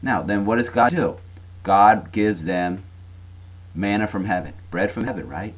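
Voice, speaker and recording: A man's voice: on the low side, measured pace. A man lecturing a college class in a chatty, informal way, checking in with frequent asides and fillers.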